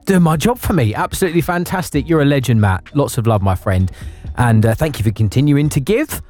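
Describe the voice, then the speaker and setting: On a live radio charity appeal, a man thanks givers and urges listeners to donate, sounding warm, effusive and emotional. His mid-range voice is animated and brisk. Soft music plays in the background.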